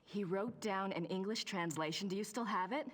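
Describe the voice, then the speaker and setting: A woman's voice: mid-range voice, moderate pace, lightly acted. An actress playing an earnest, polite young woman researcher who is persistent on the phone.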